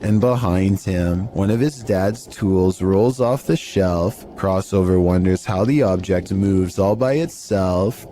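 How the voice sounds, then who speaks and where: A man reading scripted narration for a compilation of eerie clips, in an even, measured delivery. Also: deep voice, noisy background.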